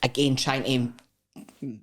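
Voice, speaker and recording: A woman's voice: rumbling low, extremely slow. Frank Scottish woman telling her story. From Scotland. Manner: frank and expressive, swears freely, acts out quotes. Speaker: guest, powerlifter. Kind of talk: candid personal storytelling.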